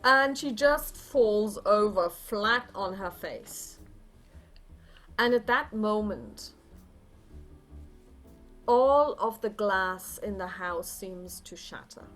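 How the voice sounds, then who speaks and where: A woman running a tabletop horror game as game master, narrating with lively drama. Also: medium pitch, slow, long pauses, soft background music.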